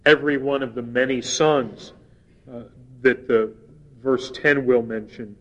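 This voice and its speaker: A man preaching a sermon, reading scripture passages in a slow, measured and earnest way. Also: mid-range voice, fairly even intonation, a bit bright. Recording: dull sound with long hall reverb.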